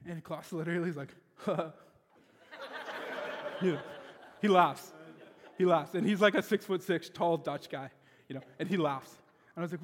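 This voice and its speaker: High-voiced male preacher in echoing hall. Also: a little slow, long pauses. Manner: animated storytelling, acts out quoted dialogue. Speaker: pastor. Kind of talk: sermon with personal story. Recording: long hall reverb.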